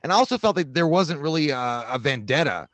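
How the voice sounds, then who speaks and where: A man co-hosting a casual movie review chat, talking in an animated way with plenty of swearing. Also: fairly high pitch, a little fast, no echo. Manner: animated, swearing, acts out voices mid-story. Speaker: co-host.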